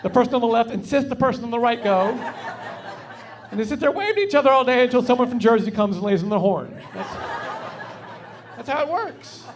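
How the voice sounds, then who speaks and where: This stand-up comic from North Carolina talks fast in a very high, expressive voice, his Southern accent carrying folksy, wry stories over a stage mic at a club. Background noise can be heard.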